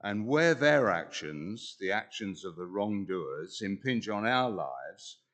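A man preaching a sermon in an earnest, measured way, pausing deliberately between phrases. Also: on the low side, very animated, fairly bright tone.

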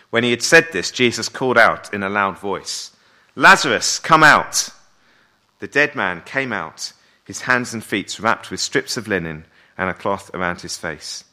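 A man's voice: on the low side, lively intonation, a little slow, sharp tone. A man preaching a sermon in a conversational way, often asking his listeners rhetorical questions.

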